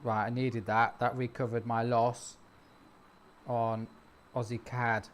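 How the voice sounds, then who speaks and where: A man hosting a live stream, chatting casually and cheering on his trades out loud. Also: mid-range voice, little pitch movement, slow pace, a little hiss or hum. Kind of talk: casual chat.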